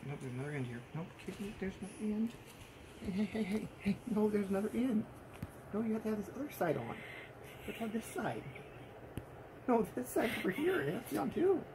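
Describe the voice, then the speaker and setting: A woman's voice: mid-range voice, very animated, brisk, long pauses. A woman at home talking to her cat while dressing it up, coaxing and teasing in a playful baby-talk way. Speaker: pet owner filming her cat. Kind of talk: casual chat to a pet. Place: home, indoors. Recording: home video with noticeable background noise.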